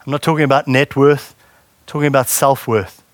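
A man's voice: medium pitch, steady tone, normal speed, no echo. A man preaching a sermon in a conversational way and putting questions to the congregation. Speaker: pastor.

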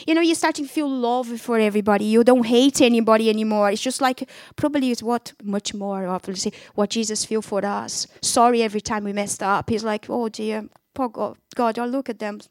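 A woman's voice: a little high, a little fast, few pauses, dry recording, studio quality. A woman giving an emotional personal faith testimony, talking animatedly in conversational English with non-native phrasing.

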